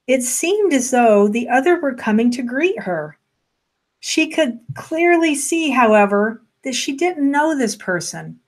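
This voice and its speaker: A woman narrating a story in a gentle, unhurried way. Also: fairly high pitch.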